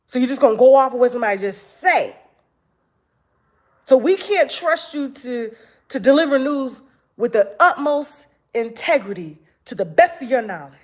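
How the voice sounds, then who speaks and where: A woman in a casual talk-show monologue, retelling conversations with lively, profane energy. Her voice sits a little high for a woman. She jumps into other people's words as she quotes them. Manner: animated storytelling, acts out quotes, profane. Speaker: online talk show host.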